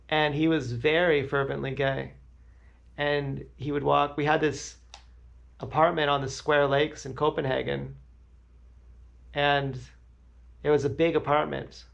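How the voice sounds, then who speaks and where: Gravelly man rambling crude stories. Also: fairly high pitch, dull audio. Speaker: livestreamer. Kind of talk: rambling livestream storytelling.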